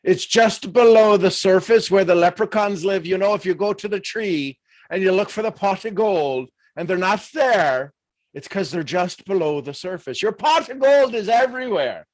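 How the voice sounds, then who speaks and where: Man doing a cheeky Irishman with a thick brogue, teasing and folksy, voice sitting a bit high, close and dry. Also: lively intonation, normal speed, no echo. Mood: playful. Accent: Irish, put on. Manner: folksy, teasing, full of colloquialisms. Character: cheeky adult Irishman spinning folksy motivational yarns. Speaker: host.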